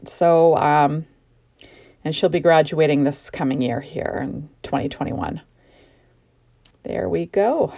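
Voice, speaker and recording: Low, slow and gravelly with a dark tone, her voice pauses often. The speaker, a middle-aged Canadian woman who makes cards, sleepily narrates a home crafting tutorial, yawning as she chats, gushes, and wanders into asides.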